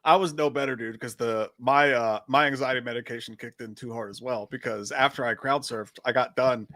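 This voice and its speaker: A man's voice: mid-range voice, steady tone, brisk, sharp tone, dry recording. A man co-hosting a casual chat show, telling a profane story and laughing easily. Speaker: podcast co-host.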